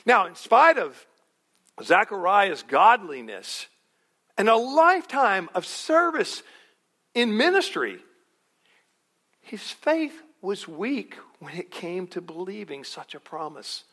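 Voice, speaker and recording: A middle-aged male pastor preaching a sermon, animated and acting out quotes with chuckles. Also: high voice, slow.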